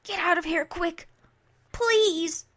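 A woman voicing a nervous tomboy filly pony who talks in a hushed, urgent manner in a storybook reading. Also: extremely high pitch, slow pace, pitched above the performer's own voice, full character voice. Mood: pleading.

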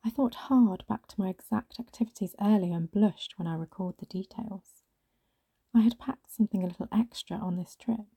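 A woman reading a first-person story aloud in a hushed, often half-whispered way. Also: mid-range voice, moderate pace, creaky, breathy edge, no echo. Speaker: narrator.

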